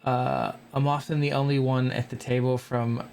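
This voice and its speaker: Gravelly man chatting casually. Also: medium pitch, little pitch movement, moderate pace, a little mellow, slight background noise. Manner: rambling, restarts often. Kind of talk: casual chat.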